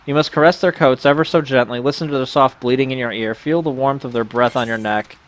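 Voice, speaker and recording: A man reading out the game lines of a fussy, pun-loving male sheep farmer, a bit theatrical and louder than his own talk. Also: mid-range voice, fast, a little hiss or hum, close to an everyday voice. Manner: punning, a little theatrical. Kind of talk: reading game dialogue aloud.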